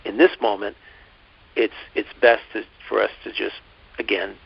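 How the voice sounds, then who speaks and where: A man co-hosting a podcast, calmly telling a personal story in casual chat, with many restarts and asides. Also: on the low side, normal speed, creaky, slightly rough. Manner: calm, reflective, lots of restarts and asides. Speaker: podcast co-host. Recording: dull lo-fi podcast audio.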